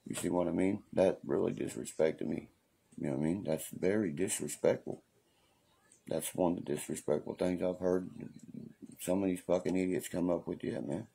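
A man with a very low, gravelly voice rants on a casual livestream. His tone is dark and husky. He swears freely, preaches defiantly and keeps checking in with his viewers. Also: steady tone, normal speed. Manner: profane, repeats "you know what I mean". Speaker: livestream host.

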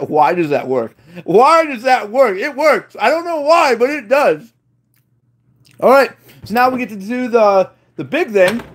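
Excitable high-voiced man vlogging a taste test. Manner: excitable, playful, exclamatory. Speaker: food vlogger. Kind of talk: casual taste-test commentary.

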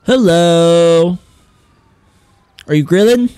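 A man narrating his own gameplay for laughs, playful and over the top as he yells at game characters. His voice swoops up and down, and his speech is slow and drawn out. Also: on the high side, animated, smooth. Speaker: gaming YouTuber. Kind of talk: comedic let's-play commentary.

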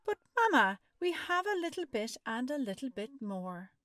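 A woman's voice: sits high, normal speed, no echo, studio quality, voice pushed up. A woman reading aloud, voicing an eager, cheerful young boy from a storybook. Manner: bright, eager, excited.

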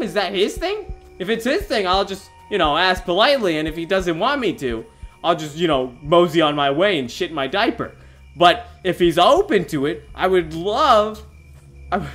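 A teenage boy in his late teens giving excitable, giggly commentary on a horror game, yelping and shouting when startled. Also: high voice. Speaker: gaming video host.

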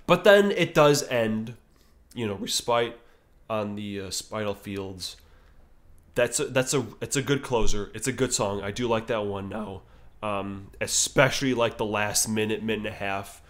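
A man's voice: lowish voice, measured pace. A man ranking albums in a casual, rambling way, swearing often and using lots of fillers like "um" and "you know". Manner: profane, enthusiastic, rambling with many fillers. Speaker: music reviewer.

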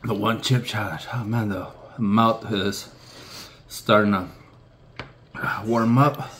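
A man speaks slowly and unhurriedly in a casual home video. His mouth and throat are on fire, and his eyes water as he groans and hiccups through the heat. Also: on the low side, steady tone, fairly bright tone, slight background noise. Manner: reading label aloud, then groaning and hiccuping from spice. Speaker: challenge participant.

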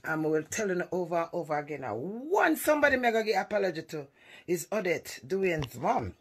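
A woman's voice: fairly low pitch, big pitch swings, fairly quick, husky. A woman speaking defiantly in patois, insisting she is not sorry. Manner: defiant, emphatic, patois speech.

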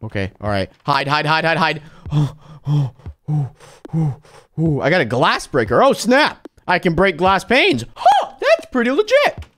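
Excitable young man, panicky gaming commentary. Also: unhurried. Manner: excitable, jumps from hushed mutters to high-pitched panicked yelps; talks to viewers while sneaking. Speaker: gaming YouTuber. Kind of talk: Minecraft let's play commentary.

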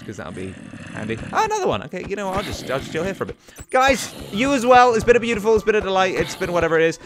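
Excitable man doing gaming commentary. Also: a little high. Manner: excitable, talks to himself and the mobs. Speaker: let's play host. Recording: game music underneath.

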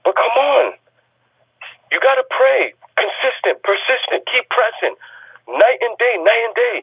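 High husky guy preaching hard over a tinny phone line, keeps hammering the same point. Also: animated, measured pace, no room sound. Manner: insistent and repetitive, rising to shouts. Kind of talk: fervent sermon. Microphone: telephone.

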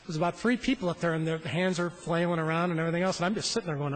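A man's voice: on the high side, very fast, low-quality recording. A middle-aged man, a state senator, giving a floor speech in a legislative chamber at a floor microphone, telling a rambling, self-deprecating story.

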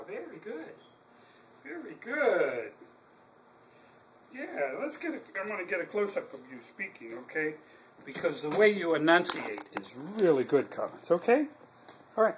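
A man at home filming his dog, coaxing it with sing-song praise and urging it to speak, ending in earnest, warm words and a prayer. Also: high voice, sing-song, unhurried, breathy edge. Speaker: dog owner. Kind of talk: home video talking to a pet. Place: home living room with a couch. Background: dog in the room.

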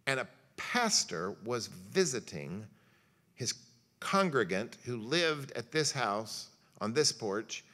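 A man lectures a church luncheon crowd as a pastor, telling folksy stories and acting out bits of dialogue along the way. His voice is bright and forceful, sitting at an ordinary pitch for a man. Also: very animated, slow. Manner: folksy storytelling with jokes and acted-out quotes. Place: church hall.

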